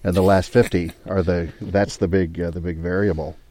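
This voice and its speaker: A man with a very low, dark and mellow voice, chatting casually. He drifts into playful, self-mocking tangents and dry jokes. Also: flat delivery, normal speed. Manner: playful, self-deprecating asides. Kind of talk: casual chat.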